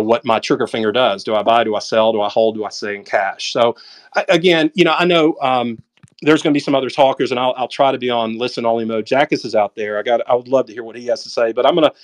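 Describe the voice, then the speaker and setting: A man's voice: mid-range voice, fast. A man with a Southern drawl giving blunt, emphatic market commentary in casual chat over an audio call, full of folksy sayings.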